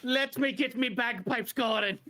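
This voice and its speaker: A man's voice: very high voice, a little slow, very noisy, pitched above the performer's own voice. A man voicing a brash, teasing Scotsman with an exaggerated put-on Scottish accent. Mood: playful.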